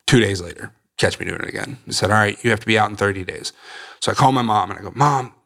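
A young man with a fairly low voice tells his own story as a podcast guest. He talks bluntly and swears casually, and he acts out the voices of the people he quotes. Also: rapid-fire, gravelly, a bit bright. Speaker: guest sharing recovery story. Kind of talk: candid storytelling.

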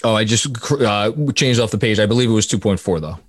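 A man's voice: fairly low pitch, fast, no room sound, studio quality. A man co-hosting a casual sports podcast, reeling off statistics and laughing at his own numbers. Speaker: podcast co-host.

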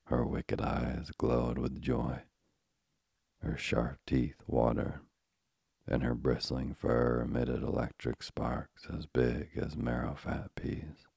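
A man reading a storybook aloud in a measured, old-fashioned way. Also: rumbling low, flat delivery, vocal fry, darkish tone, breathy edge, no room sound, clean studio sound. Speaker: narrator.

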